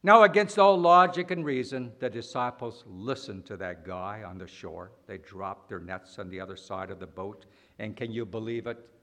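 A man preaching a sermon, animated and full of rhetorical questions and dramatic pauses. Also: fairly low pitch.

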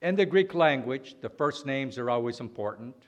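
A man preaching a sermon, slow and deliberate, swinging between loud emphatic lines and quiet ones. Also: mid-range voice, expressive, highs cut off.

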